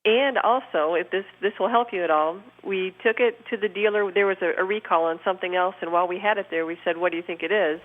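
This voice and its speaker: A woman's voice: fairly low pitch, quick pace, hardly any pauses, phone-quality sound. A cheerful, good-natured woman from Wisconsin calling in to a radio show over the phone. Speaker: caller. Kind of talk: phone-in conversation.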